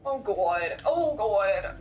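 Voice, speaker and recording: A young woman streaming a horror game, reacting loudly with lots of swearing and jumpy outbursts. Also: mid-range voice, animated, very slow, a little hiss or hum. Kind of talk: live game commentary.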